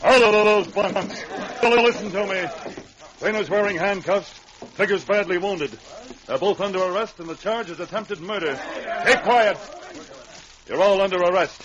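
An actor playing a stern, resolute mounted police sergeant in a radio drama, speaking with authority. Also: male voice, high voice, normal speed, crowd noise, lightly acted. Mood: commanding. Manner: commanding, authoritative. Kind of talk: 1940s radio acting. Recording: dull old radio recording with hiss.

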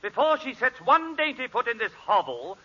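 A man's voice: extremely high pitch, sing-song, normal speed, pushed and bright, lo-fi sound. A man with an English accent, trading haughty, pompous lines in a 1940s radio comedy, heard on a noisy old broadcast recording. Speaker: guest comedian.

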